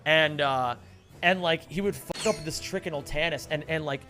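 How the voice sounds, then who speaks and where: A man's voice: a little high, moderate pace, sharp tone, faint music behind. A young man speedrunning a game, rambling through a funny story with frequent laughs and casual swearing. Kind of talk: casual chat while gaming.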